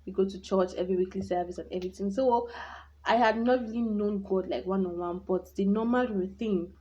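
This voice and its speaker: A young woman shares her teenage memories to camera in a candid, rambling way, often restarting her sentences. Her voice is soft and mellow at a middle pitch, and the recording sounds dull and lo-fi. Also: steady tone, a little fast. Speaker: vlogger. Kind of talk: personal storytelling vlog.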